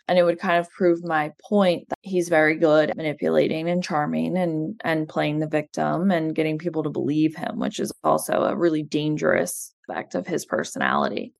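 A woman with a low, gravelly voice talks steadily and earnestly through a personal account, peppering her speech with "you know." The sound is close and dry, with no room around it. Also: no room sound. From New Jersey, USA. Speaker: interview guest, advocate. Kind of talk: candid personal account in conversation.

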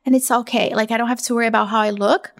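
A woman in her thirties hosting a casual solo podcast from home, talking in a gushing, upbeat sales pitch. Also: fairly even intonation, very fast. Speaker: podcast host.

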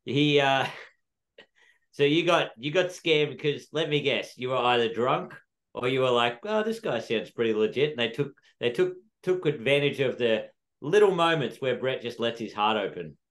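A man's voice: medium pitch, lively intonation, moderate pace, fairly bright tone. A young Australian man co-hosting a casual podcast, teasing his friend and laughing. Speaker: podcast co-host. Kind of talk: casual chat.

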